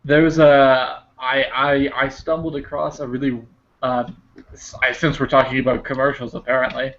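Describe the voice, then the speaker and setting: A man co-hosting a casual podcast, rambling through anecdotes and swearing offhandedly. His voice sits at a middle pitch. The recording sounds dull and lo-fi. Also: level tone, normal speed, a bit bright. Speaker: podcast co-host. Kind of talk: casual chat.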